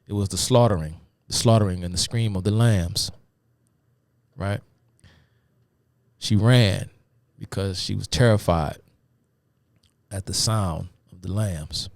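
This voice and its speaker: Low gravelly guy rambling through a live stream lecture, lots of ums, dry sound. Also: slow, long pauses, darkish tone, dry recording. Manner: rambling, many fillers, addresses viewers as y'all. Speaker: host of a live talk stream.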